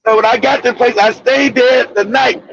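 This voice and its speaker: A man hosting a casual talk show, telling rambling, profane stories with bursts of shouting. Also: extremely high pitch, fairly even intonation, moderate pace, gravelly, a little hiss or hum. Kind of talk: casual storytelling chat. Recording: dull lo-fi audio.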